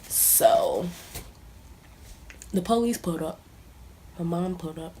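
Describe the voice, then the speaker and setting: A woman's voice: on the low side, slow pace, warm tone, slight background noise. A young woman casually telling a personal story as a vlogger, sometimes dropping to a near-whisper. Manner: casual, conversational, drops to near-whispers at times. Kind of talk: storytime monologue.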